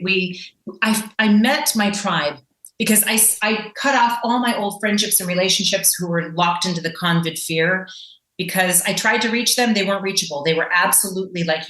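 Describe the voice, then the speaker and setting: A woman speaking as a podcast guest, emphatic and defiant in how she talks. Her voice is bright and forceful, and it rings a little in a roomy space. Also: lowish voice, moderate pace. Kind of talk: podcast interview.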